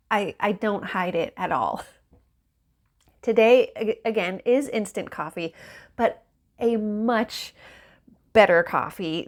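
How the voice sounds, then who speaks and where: A woman in a casual chat at home by a window, talking in a rambling, chatty way and laughing often. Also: mid-range voice. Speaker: book vlogger.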